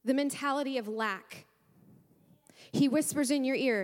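High-voiced woman preaching with fervent emotion. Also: normal speed, pauses often, in a large hall. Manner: fervent and emotional, with sighs and repeated praise. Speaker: pastor. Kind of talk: sermon. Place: church sanctuary.

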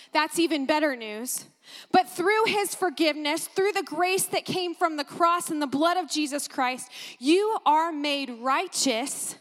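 A woman preaching a sermon, animated and emphatic, exclaiming and repeating phrases for emphasis. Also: sits high, in a large hall. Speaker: pastor.

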